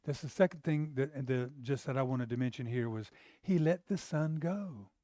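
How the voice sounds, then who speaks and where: A man preaching a sermon as pastor, swinging from loud emphatic lines to soft pleading ones. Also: mid-range voice, normal speed, no echo, studio quality.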